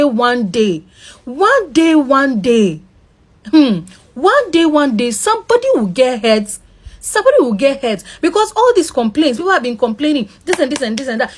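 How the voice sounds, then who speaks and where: A young woman recounts a frightening encounter in an emotional, personal telling. She sounds shaken and then grows indignant. Her voice sits a little high. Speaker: victim telling her story.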